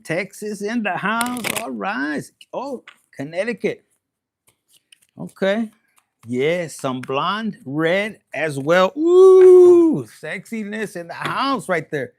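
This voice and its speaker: A man giving a casual livestream tarot reading, profane and animated, dropping into Spanish slang. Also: high-pitched. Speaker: tarot reader.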